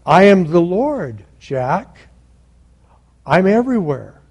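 A man voicing God as a calm, unhurried and gently dry speaker. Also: high voice, husky, full character voice.

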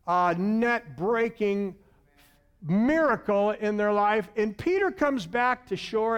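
A man preaching a sermon, swinging between booming emphasis and hushed, drawn-out lines. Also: clean tone. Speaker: pastor.

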